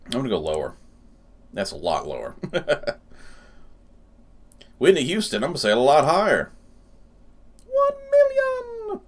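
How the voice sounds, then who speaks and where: A man hosting a gaming channel, giving casual gameplay commentary while thinking aloud and laughing often. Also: medium pitch.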